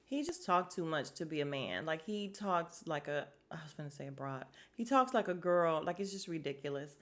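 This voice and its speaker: A woman's voice: low voice, animated, moderate pace, a bit bright. A young woman from Chicago hosting a podcast, giving a blunt, sassy recap of a reality dating show and talking straight to her listeners. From Chicago, USA. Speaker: podcast host.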